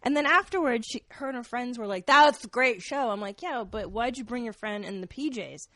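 A woman's voice: on the high side, animated, a bit bright, no echo. A woman, a stand-up comedian appearing as a podcast guest, chatting casually with blunt, wry humor. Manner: blunt, wry, quick to laugh. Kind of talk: casual chat.

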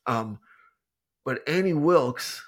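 A man's voice: medium pitch, slow. A man co-hosting a podcast, telling a story in casual chat with many restarts and asides. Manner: rambling, restarts, animated retelling. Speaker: podcast co-host.

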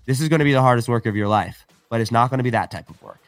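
A man's voice: mid-range voice, animated, rapid-fire, clean tone, dry recording, faint music behind. A man talking casually on a podcast. He tells stories animatedly, acts out quoted dialogue, and says "right?" and "like" a lot. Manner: frequent filler "right?" and "like". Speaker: podcast guest.

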